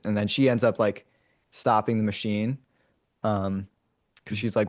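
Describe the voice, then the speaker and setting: A man with a fairly low voice tells a movie's story in a loose, rambling way, stopping to act out lines and roars. He speaks in a small, dry room with no echo. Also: fairly even intonation, measured pace, pauses often. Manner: rambling, many fillers and restarts. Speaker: podcast host retelling a movie. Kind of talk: casual storytelling to his brother.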